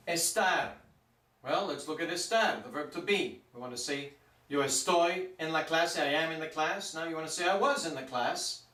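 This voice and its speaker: A man teaching a Spanish grammar lesson, repeating each form and stressing it slowly. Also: on the high side, bright, forceful tone. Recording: echoey room, mic at a distance.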